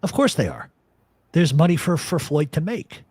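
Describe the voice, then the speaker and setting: Husky and darkish, his voice sits on the high side and swoops wildly in pitch at a moderate pace, captured on a dry recording. He's a radio show host and profane, blunt storyteller, arguing his points in casual chat.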